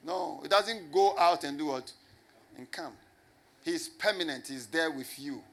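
A man's voice: on the high side, fairly bright tone. Emphatic preacher man with a raised voice. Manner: emphatic, repeats phrases and asks the congregation rhetorical questions; slows down to stress key words. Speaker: pastor. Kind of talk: sermon.

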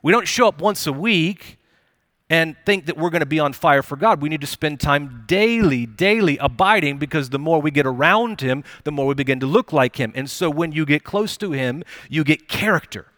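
A young man preaching a sermon in a church, talking in a conversational, animated way with playful asides. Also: a little high, normal speed, no room sound, studio quality. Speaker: pastor. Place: church auditorium.

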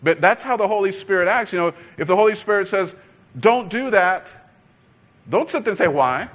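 A man's voice: sits high, animated, moderate pace. Man preaching a conversational sermon. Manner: storytelling, conversational with sudden loud emphasis. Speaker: pastor.

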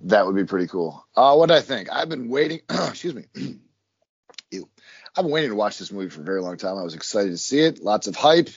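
A man co-hosting a movie podcast, talking in a profane, rambling, animated way. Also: lowish voice, a little fast, husky, no echo, muffled recording. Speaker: podcast co-host. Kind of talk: casual movie review chat.

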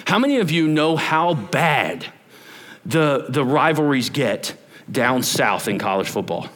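A man, a pastor, preaching a sermon in church, chatty and animated, bantering with the congregation and asking them questions. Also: mid-range voice, a little slow.

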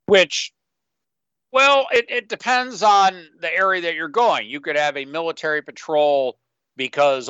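Male co-host with a sharp, bright tone; rambles and drops into quick character asides; dull, dry lo-fi sound. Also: on the high side, clear, resonant tone, dry recording. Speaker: podcast co-host. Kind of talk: casual podcast chat.

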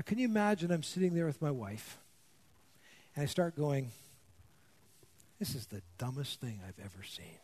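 A man giving a classroom lecture, telling anecdotes and acting out quoted lines as he goes. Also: fairly high pitch. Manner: animated storyteller, acts out quotes.

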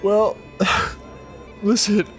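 A man voicing a tearful, naive young male dwarf sandwich maker in a tabletop game, raising his voice high and pleading. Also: completely flat delivery, very slow, soft background music. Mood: distraught. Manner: sobbing, pleading, high and wobbly.

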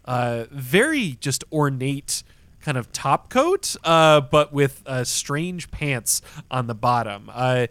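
A man narrating as game master of a tabletop role-playing game, describing scenes at length with many fillers and pauses. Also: mid-range voice, big pitch swings, a bit bright, no room sound.

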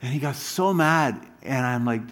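A man's voice: mid-range voice, moderate pace, fairly bright tone. A man preaching a sermon, telling stories animatedly with frequent restarts and asides. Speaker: pastor.

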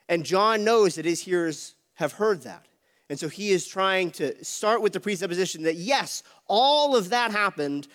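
A man with a high voice preaches a sermon. He works through scripture in a steady teaching manner, explaining the Greek words for his listeners.

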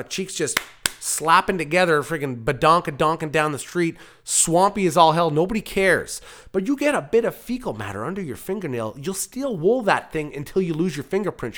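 Canadian guy rambling on his solo comedy podcast, slightly high voice, pitch all over the place. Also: a bit bright. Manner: rambling, self-interrupting, jokey digressions. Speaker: podcast host and producer.

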